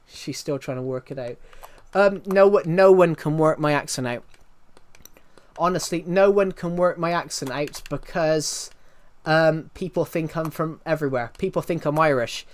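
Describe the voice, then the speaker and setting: A man in his twenties from Southwest England talks casually on a livestream and answers his chat as he goes. His voice sits a little high, and he rambles with plenty of ums and false starts. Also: moderate pace. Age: 20s. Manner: rambling, many ums and restarts.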